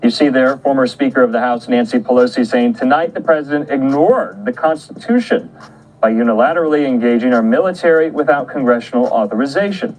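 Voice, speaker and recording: A man anchoring a live news broadcast, reading statements out in a measured way. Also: mid-range voice, darkish tone, rough recording. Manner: measured, reads out quotes.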